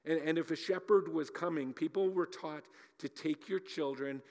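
A man preaching a sermon as a pastor, animated, often repeating words as he talks and acting out little scenes. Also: a little high, moderate pace, in a large hall.

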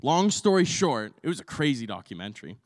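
A man's voice: medium pitch, big pitch swings, fairly quick, no echo, studio quality, big-room sound. A man preaching a sermon as pastor, telling a story with energy and asking the congregation questions.

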